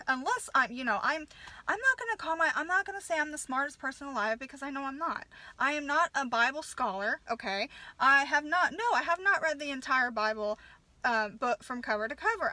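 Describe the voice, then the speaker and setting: A woman's voice: sits high, sharp tone, dry recording. A mother ranting in a furious, profane casual rant, with stumbling restarts. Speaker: vlogger, mother.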